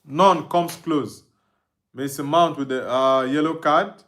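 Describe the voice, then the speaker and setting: A young man from Nigeria who speaks English with an Igbo accent hosts a live football watch-along, reading viewer comments aloud and answering them. He laughs often as he talks. His voice is bright and sits a bit high for a man. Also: slow pace. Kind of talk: live stream chat reading.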